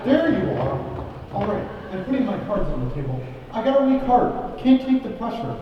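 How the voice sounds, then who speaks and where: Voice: mid-range voice, very animated, moderate pace, a little hiss or hum, lightly acted. A young actor playing a blustering, nervous male producer who is worried about his weak heart. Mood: exasperated. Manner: blustering, exasperated. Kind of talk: stage musical acting. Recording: dull, echoey stage hall from far off.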